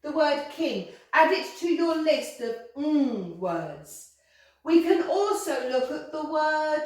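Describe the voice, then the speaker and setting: A woman teaching children a slow English phonics lesson, sounding out letters clearly and encouraging them to repeat. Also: high-pitched, very animated, a little mellow. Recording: very echoey room, voice from a distance.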